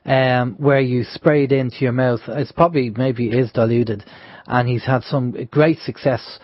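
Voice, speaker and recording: A man hosts a radio talk show at a mid pitch, speaking earnestly and repeating his points for emphasis. The sound is close and dry, with a dull, slightly lo-fi tone. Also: fairly even intonation, unhurried, no echo. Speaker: radio host.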